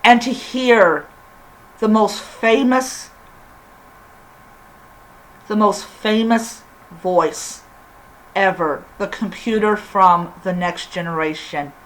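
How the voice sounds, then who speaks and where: A woman giving a casual spoken episode review, gushing and excitable, with frequent halting restarts. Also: mid-range voice, slight background noise, rough recording.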